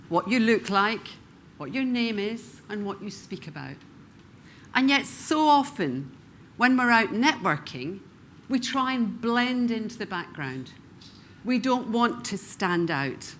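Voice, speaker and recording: A middle-aged woman from Glasgow with a Scottish accent, speaking as a keynote speaker and slowing down with dramatic pauses for emphasis. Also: mid-range voice, a bit bright, slight background noise. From Scotland. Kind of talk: motivational stage talk. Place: conference room before a live audience.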